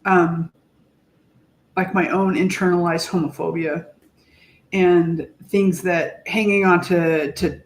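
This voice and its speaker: A woman co-hosting a podcast, talking in a casual, heartfelt way, reflective and halting as she searches for words. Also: fairly low pitch, steady tone, slight background noise. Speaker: podcast co-host. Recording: echoey room.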